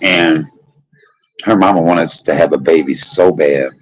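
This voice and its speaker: A man hosting his own show, telling a personal story in an animated, profane way and talking straight to his listeners. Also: a bass voice, measured pace, rough recording. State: emotional, tearful at times. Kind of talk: candid storytelling monologue.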